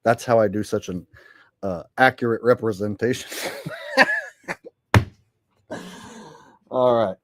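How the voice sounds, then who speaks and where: A man's voice: on the low side, wildly swooping pitch, slow, long pauses, fairly bright tone, no echo. A man hosting a livestream, crude and joking, laughing between remarks. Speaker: livestream host. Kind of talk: casual commentary.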